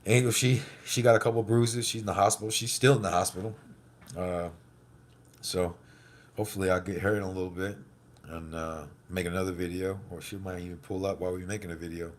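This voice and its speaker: A man's voice: sits low, fairly even intonation, fairly quick, a little hiss or hum. A man vlogging casually after a car wreck, banged up, telling a rambling, profane, heated story. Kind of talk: casual vlog monologue.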